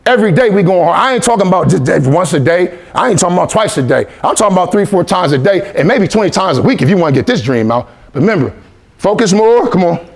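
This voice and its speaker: A man's voice: high voice, lively intonation, quick pace, gravelly, few pauses. A man giving a motivational speech to a youth team, repeating phrases and leading call-and-response. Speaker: motivational speaker.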